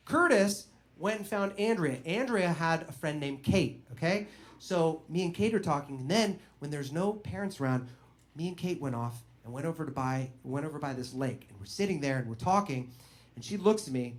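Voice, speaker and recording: A young man doing stand-up, telling a story in an animated way and acting out the voices of other people. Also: sits high, moderate pace, a little hiss or hum. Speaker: stand-up comedian.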